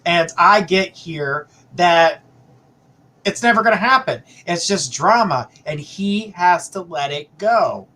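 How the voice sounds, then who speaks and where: A man's voice: high-pitched, sharp tone. A man hosting a live psychic reading, giving blunt, emphatic advice with repeated phrases. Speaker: psychic reader, show host.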